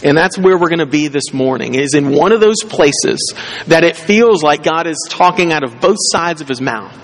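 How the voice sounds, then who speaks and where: A man's voice: on the high side, animated, normal speed. Man preaching in an echoey hall. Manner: conversational preaching with many restarts and fillers. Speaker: pastor. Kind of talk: sermon.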